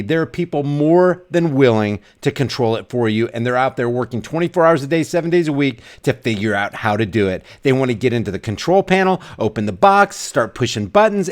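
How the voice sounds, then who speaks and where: A middle-aged man with a slightly high voice rants straight to his viewers. His delivery is fiery and preachy, and he keeps repeating his points for emphasis. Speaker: vlogger. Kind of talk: ranting commentary vlog.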